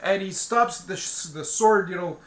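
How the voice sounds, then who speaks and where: A man's voice: high-pitched, moderate pace, fairly bright tone. A man narrating a solo tabletop game in a loose, rambling way, often restarting his sentences. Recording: roomy echo.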